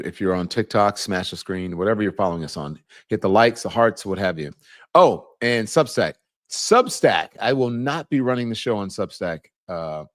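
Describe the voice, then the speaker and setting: A low-pitched man hosts a livestream, chatting in a meandering way as he gets increasingly worked up over the news. The audio is studio quality with no echo.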